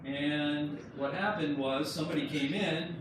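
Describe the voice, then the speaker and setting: A man's voice: on the high side, fairly even intonation, a little slow. A man giving an informal slideshow talk about his book to friends and family, telling the story in a chatty, joking way. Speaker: book co-author presenting his book. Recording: echoey room, distant mic, background noise.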